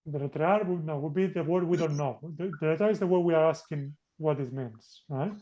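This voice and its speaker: A man's voice: on the high side, fairly quick, dark tone, dull audio. A man teaching a beginner language class over a video call, patient and coaxing, switching between two languages. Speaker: Spanish teacher. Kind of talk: teaching an online group class.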